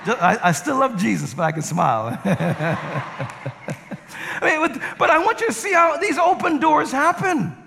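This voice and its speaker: Animated high-voiced male preacher in a hall. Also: measured pace, gravelly, slight background noise. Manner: animated storytelling with acted quotes. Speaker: guest pastor. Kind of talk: sermon. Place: church sanctuary. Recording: reverberant hall.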